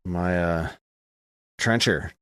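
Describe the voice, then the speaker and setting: A man co-hosting a casual podcast, chuckling and dropping quick wry jokes. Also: low voice, pushed and bright, smooth, no echo. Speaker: podcast co-host. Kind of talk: casual chat.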